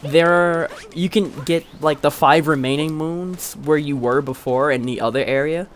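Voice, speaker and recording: A man's voice: on the high side, fairly even intonation, moderate pace. A man guesting on a casual let's-play, chatting and offering helpful game tips. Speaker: guest co-commentator.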